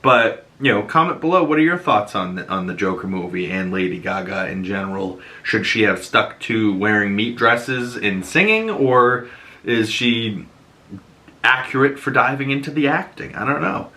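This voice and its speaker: Chatty bright-voiced man with Boston accent. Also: lowish voice, animated, moderate pace. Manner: rambling, loose and chatty, lots of fillers. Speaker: podcast host. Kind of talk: casual commentary.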